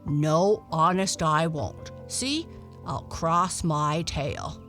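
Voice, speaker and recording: A woman voicing a male dog who is gruff and cross at first but good-hearted, with a hearty, blustery way of talking. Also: sits low, extremely slow, a bit bright, soft background music, heavily acted. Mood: kindly.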